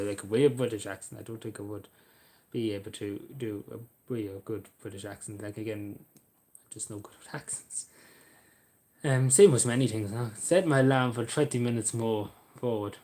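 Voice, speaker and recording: Halting young Irish man. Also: lowish voice, dark tone. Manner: halting, many ums, repeats phrases. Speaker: vlogger answering viewer questions. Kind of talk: casual Q&A monologue.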